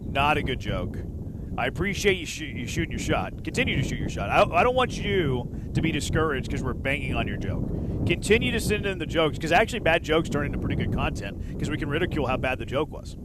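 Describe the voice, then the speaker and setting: A man's voice: a little high, very animated, quick pace, very noisy. A man hosting a sports radio show, bantering with his co-hosts and reading listener texts with a teasing, joking manner.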